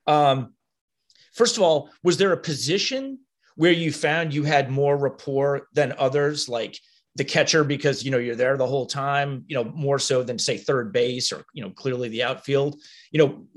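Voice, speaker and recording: A man hosting an interview, asking long, winding questions full of fillers. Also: mid-range voice. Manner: curious, long rambling questions with many fillers. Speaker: podcast interviewer. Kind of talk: conversational interview.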